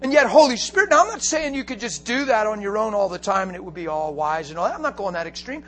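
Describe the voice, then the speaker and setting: A man with a very high, bright voice delivers a lively storytelling sermon. He laughs often and breaks into shouts to make a point. A faint hum sits under him. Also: fast talker. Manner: animated, laughing, shouts for emphasis. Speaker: preacher.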